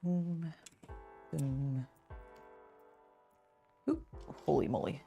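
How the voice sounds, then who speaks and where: A young woman with a low, deep voice chats loosely as she builds LEGO, rambling with plenty of "like" and "um" and cooing at her cat now and then. Soft music plays faintly behind her. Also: drawn-out words, vocal fry. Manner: chatty and rambling, talks to her cat, many fillers. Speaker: LEGO builder and channel host. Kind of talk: casual building vlog chat.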